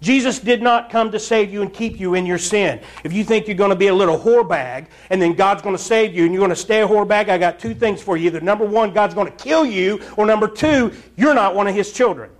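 Fiery, blunt preacher, high voice. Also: male voice, fairly quick, hardly any pauses. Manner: fiery, blunt, scolding the congregation. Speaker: pastor. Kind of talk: sermon. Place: church.

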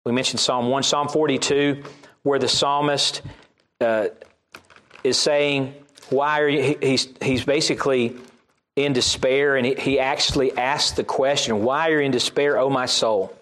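A man's voice: mid-range voice, fairly even intonation, measured pace, a bit bright. A man with a Southern US accent preaching a sermon, reading scripture aloud and repeating key lines for emphasis.

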